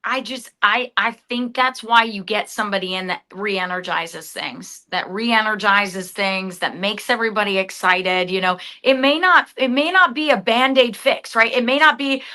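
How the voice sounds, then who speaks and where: A woman with a Southern accent, co-hosting a casual sports talk show, emphatic and quick to restart her sentences. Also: medium pitch, bright, forceful tone. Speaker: podcast co-host.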